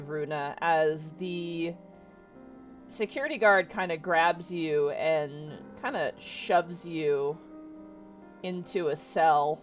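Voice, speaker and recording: A woman running a tabletop game as game master, narrating in a chatty way full of "kinda" and "like". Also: lowish voice.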